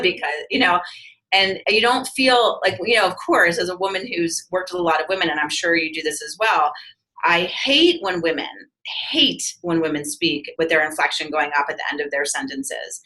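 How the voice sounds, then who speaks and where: Bright-voiced woman speaking emphatically. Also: lowish voice, moderate pace, low-quality recording. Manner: candid, emphatic, many restarts and asides. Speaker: interview guest, author. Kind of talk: casual interview conversation.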